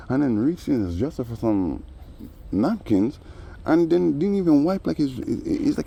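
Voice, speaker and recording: A man's voice: mid-range voice, lively intonation, brisk, creaky, dark tone, husky, muffled recording. A man vlogger telling a story in a casual, rambling monologue full of slang and frequent asides. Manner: rambling, street slang, frequent "you know".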